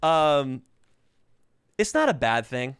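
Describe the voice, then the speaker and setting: On his podcast, a thirtysomething man with covid coughs as he tells comedic stories in crude, casual chat. His voice is mid-range, slow, and smooth, in studio quality without echo. He's animated throughout, doing impressions when quoting others.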